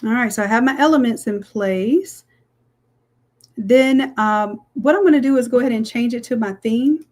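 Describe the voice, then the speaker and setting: Here the design teacher's voice sits a little high and a touch mellow, at normal speed. During her live screen-share tutorial she talks viewers through the steps casually, saying "y'all" along the way.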